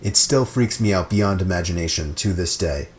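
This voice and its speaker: A man giving a scripted, steady narration of a creepy story. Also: low voice, moderate pace.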